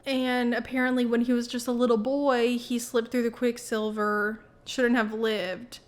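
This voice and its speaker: Slow, chatty young woman vlogger. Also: a little high, little pitch movement. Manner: chatty, heavy use of "like". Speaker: book vlogger. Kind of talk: casual book summary vlog.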